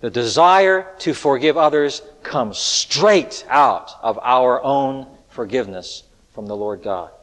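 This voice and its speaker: A man preaching an earnest sermon, with rhetorical questions and shifts between loud appeals and hushed lines. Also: medium pitch, slow pace, few pauses. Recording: echoey hall with long reverb.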